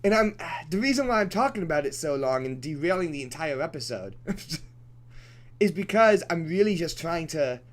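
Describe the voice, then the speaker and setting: A young man streaming a game who goes off on a profane, rambling rant, restarting his sentences and laughing between points. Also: medium pitch. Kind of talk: off-topic rant during a let's play.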